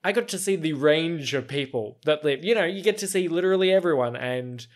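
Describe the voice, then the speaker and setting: A man's voice: a little high, animated, fairly quick. A young Australian man hosting a casual solo podcast. He rambles and meanders, with lots of fillers and little laughs. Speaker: podcast host.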